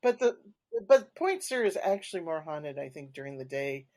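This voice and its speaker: A woman's voice: sits low, moderate pace. Chatty woman telling ghost stories. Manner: animated, chatty, laughs between points. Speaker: podcast guest, paranormal investigator. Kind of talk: casual conversational storytelling.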